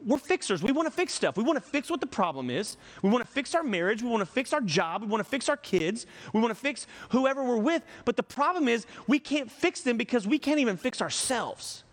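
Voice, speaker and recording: A man's voice: sits high, in a large hall. A man from the United States preaching a conversational, joking sermon as pastor.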